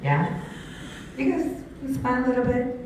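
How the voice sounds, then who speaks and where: A woman in her sixties, giving an energetic business pitch to a live audience on a handheld mic, her voice strained from shouting. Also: recorded from a distance, background noise. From Canada. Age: 60s. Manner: energetic, rapid questions to the crowd. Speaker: sales presenter. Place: large room with an audience. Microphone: handheld microphone. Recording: very echoey hall, mic from afar.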